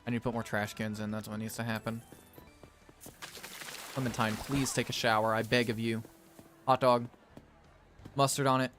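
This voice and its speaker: A man's voice: medium pitch, little pitch movement, moderate pace, pauses often, a bit bright, faint music behind. A man playing a game and commenting as he goes, theatrical and exasperated as he scolds the characters. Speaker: gaming video creator.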